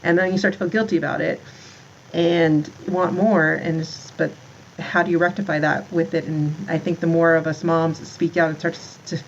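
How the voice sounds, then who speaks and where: A woman's voice: deep voice, flat delivery, normal speed, lo-fi sound, slight background noise. A woman in her thirties, a podcast guest, talking in a rambling way about motherhood, full of "like" and restarts. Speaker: podcast guest, founder of a moms' community. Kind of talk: casual interview talk.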